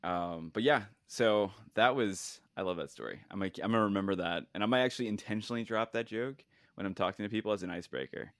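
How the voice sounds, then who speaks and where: A man's voice: fairly low pitch, quick pace, fairly bright tone, dry recording, studio quality. A man hosting a podcast, reacting to a guest's stories in casual, encouraging chat. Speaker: podcast host.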